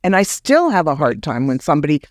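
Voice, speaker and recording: Woman guest, animated storyteller, dry recording. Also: no room sound. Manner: animated, acts out remembered words in a higher voice; halting restarts when recounting. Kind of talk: personal storytelling in a podcast interview.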